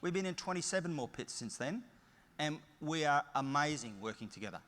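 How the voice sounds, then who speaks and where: A man's voice: a little high, lively intonation, a little fast, a bit bright. Punchy Australian man in a reverberant hall. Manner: emphatic, storytelling with punchy short phrases. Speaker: keynote speaker. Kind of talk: motivational conference keynote. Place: large conference hall.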